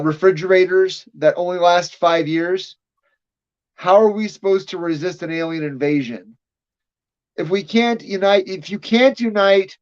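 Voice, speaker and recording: A man co-hosting a casual livestream chat, arguing his points rhetorically. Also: sits high. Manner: argumentative, building points rhetorically. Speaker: podcast co-host. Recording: slightly dull lo-fi audio.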